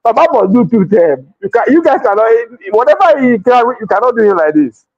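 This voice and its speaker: A man with a Nigerian accent giving excitable political commentary, laughing and exclaiming often and slipping into pidgin. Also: extremely high pitch, fairly quick, no echo, dull audio. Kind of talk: animated political chat.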